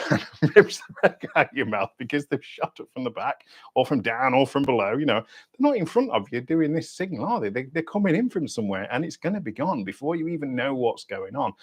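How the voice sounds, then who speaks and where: A British man hosting a diving channel's livestream Q&A, talking bluntly in sweary, matey banter with lively swings in pitch and loudness. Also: breathy edge. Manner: animated, lively ups and downs in pitch and loudness.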